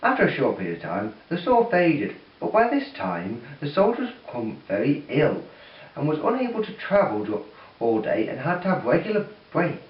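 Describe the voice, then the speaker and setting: A man's voice: fairly high pitch, wildly swooping pitch, normal speed, far from the mic. A man reading a story aloud in a plain, uneven pace as amateur narrator. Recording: dull echoey recording from off-mic.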